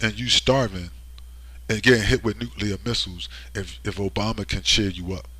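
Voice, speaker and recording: A man's voice: fairly low pitch, normal speed, pushed and bright, no room sound. A man delivering a preachy vlog monologue with emphasis, often asking "right?" as he speaks. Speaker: online commentator.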